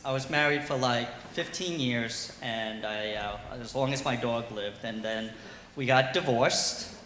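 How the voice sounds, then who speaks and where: A man doing a stand-up comedy set in a brewery, animated and slipping into loud yelling voices for his bits. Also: medium pitch, a little slow, slight background noise. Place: brewery comedy stage, roomy hall. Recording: echoey hall recording.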